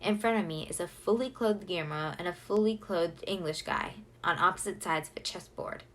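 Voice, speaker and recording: A woman narrating a novel in the first person with an expressive, lively delivery. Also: on the low side, brisk. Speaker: audiobook reader.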